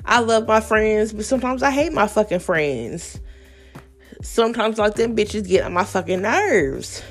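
A young adult woman hosting a solo podcast, talking candidly and profanely in a casual, animated way. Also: medium pitch, a little slow, faint music behind. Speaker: podcast host.

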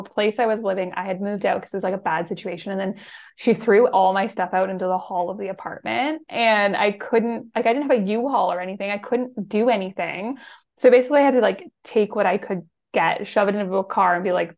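A woman hosting a podcast, an animated storyteller who talks quickly and laughs often. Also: mid-range voice. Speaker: podcast host. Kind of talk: casual podcast conversation.

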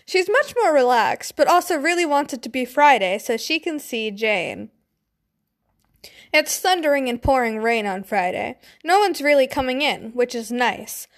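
A young woman reads fanfiction aloud in a casual way, often breaking off into giggly tangents peppered with swearing. Her voice is high with lively intonation, and she keeps a moderate pace.

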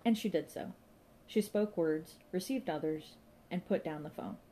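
A woman narrating an audiobook in a wry, deadpan manner. Her voice sits fairly low, with a mellow, relaxed tone and steady pacing. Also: normal speed, a little hiss or hum. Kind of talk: scripted narration.

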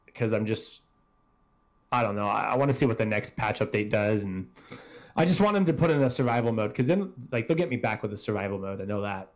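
A man hosting a casual gaming podcast, rambling and swearing freely as he talks. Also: on the low side. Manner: rambling, profane, self-deprecating. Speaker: podcast host.

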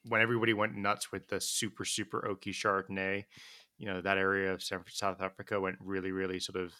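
Low-voiced man telling a casual story. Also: monotone, a little fast, bright, forceful tone, dry recording, clean studio sound. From California. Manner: anecdotal, chatty storyteller. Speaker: podcast co-host. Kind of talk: casual chat.

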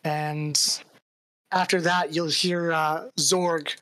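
A low-voiced woman runs a tabletop game as dungeon master, calling the results of each roll in a casual, chatty way. Her voice is close and dry, with no room sound around it. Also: little pitch movement, takes it slowly, fairly bright tone, no room sound. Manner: casual, laughing, describes the action plainly. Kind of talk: narrating a tabletop game live.

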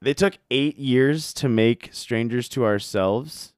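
Young male host, casual chat, smooth lowish voice, dry close recording. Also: slow, no echo. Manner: relaxed, swears casually, acts out quotes. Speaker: podcast host.

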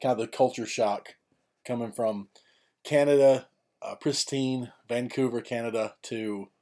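A man's voice: medium pitch, fairly even intonation, unhurried, dark tone. Man, podcast co-host, joking, loose casual chat. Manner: loose, joking, talks with hesitations.

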